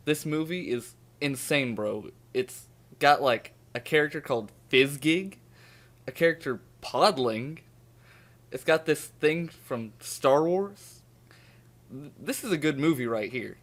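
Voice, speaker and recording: A man's voice: a little high, lively intonation, slow. Brash man dismissing all opinions. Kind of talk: comic movie ranking.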